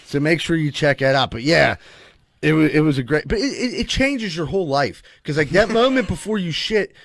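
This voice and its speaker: A man's voice: fairly high pitch, lively intonation, fairly quick, creaky, fairly bright tone. A man from telling crude stories as a podcast co-host, rambling and profane, often asking "you know what I mean.". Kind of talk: casual crude storytelling.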